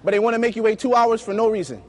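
A man preaching a sermon, telling lively personal stories and acting out the dialogue. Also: high voice, very fast, a faint crowd. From United States. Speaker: youth preacher.

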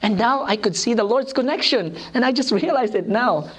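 A woman preaching a sermon, telling personal stories in an animated, self-mocking way and laughing often. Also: a little high, moderate pace, slightly rough.

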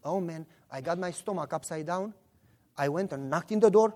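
Animated storytelling drives this sermon from a Romanian-accented man, who voices the people in his tales. He speaks at a normal speed, his voice on the high side.

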